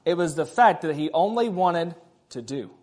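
A man's voice: a little high, animated, normal speed, a little mellow. A man preaching a sermon, conversational, with frequent rhetorical questions to the congregation. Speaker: pastor.

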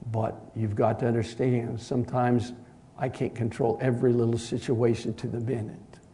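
A preacher voicing a fellow pastor, speaking quietly, earnestly and firmly. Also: male voice, mid-range voice, little pitch movement, normal speed, slight background noise, close to an everyday voice. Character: firm, earnest male pastor.

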